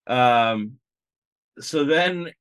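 A man co-hosting a podcast, talking through a film in a rambling, animated way with lots of fillers. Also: medium pitch, drawn-out words, clean tone. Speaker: podcast co-host. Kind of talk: casual movie review chat.

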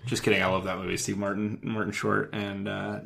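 Man, casual podcast talk, dry deadpan humor. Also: on the low side, fairly quick, creaky, crowd noise. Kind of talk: casual chat.

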